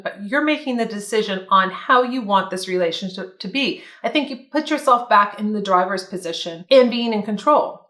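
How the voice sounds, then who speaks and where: A woman's voice: mid-range voice, a bit bright. Earnest woman vlogger, echoey room. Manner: earnest, reflective, reads quotes aloud. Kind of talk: casual advice talk to camera.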